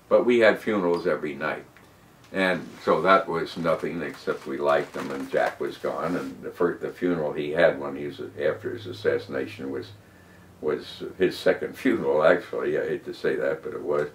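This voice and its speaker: A man's voice: normal speed, reverberant. A man in his nineties, a war veteran telling his story in an oral history interview with emphatic rises and drops. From United States. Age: 90s. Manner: animated, emphatic storyteller who rises and drops in pitch and loudness. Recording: voice from a distance off the mic.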